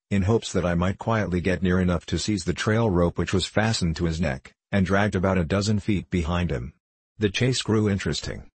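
An audiobook reader with a deep, slightly husky male voice narrates a classic travel memoir from a script, keeping a steady, measured pace. The recording is close and dry, with no room sound at all.

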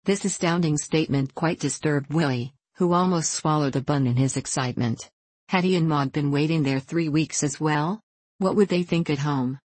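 A woman narrating a children's story for an audiobook, in a measured storytelling manner. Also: low voice, darkish tone, no echo.

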